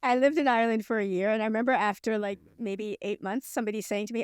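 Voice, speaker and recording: A woman's voice: medium pitch, steady tone, very fast, clean tone, no echo, clean studio sound. A Canadian woman with a Canadian accent chatting on a podcast, laughing often as she talks. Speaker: podcast co-host. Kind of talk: casual podcast chat.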